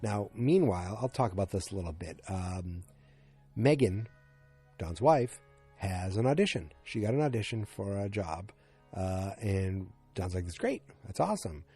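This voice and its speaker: A man's voice: low-pitched, unhurried, mellow, slightly rough, faint music behind. A man hosting a fan podcast, recapping an episode in a rambling, casual way and acting out quotes with lots of filler words. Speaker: podcast host.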